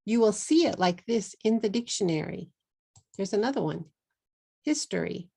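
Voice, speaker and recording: A middle-aged woman from Texas with a Texan accent, teaching an online English lesson in a slow, deliberate way and slipping into Japanese at times. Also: mid-range voice, animated, vocal fry, warm tone, husky. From Texas, USA.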